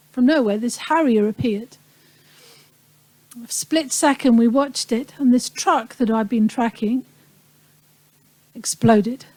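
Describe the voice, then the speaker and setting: A woman in her fifties from the Falkland Islands, telling a live audience about her wartime childhood in a reflective, pausing way with touches of humor. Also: on the high side, mellow, dry recording, low-quality recording. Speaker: speaker recounting a wartime childhood. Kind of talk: personal talk to an audience.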